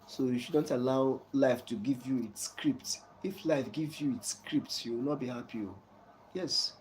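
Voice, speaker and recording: Casual host, warm and mellow, chuckling preachy advice, faint background hum. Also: male voice, mid-range voice, a little slow, poor audio. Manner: preachy, repeats "you understand?" often; soft chuckles between points. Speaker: channel host giving life advice. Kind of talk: casual advice talk to a viewer.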